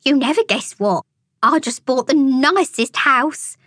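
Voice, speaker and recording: A woman voicing a showy, enthusiastic female toad with a high-pitched voice, in a storybook audiobook. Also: big pitch swings, a little slow, a bit bright, no echo, clean studio sound, full character voice. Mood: gushing. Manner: gushing, enthusiastic.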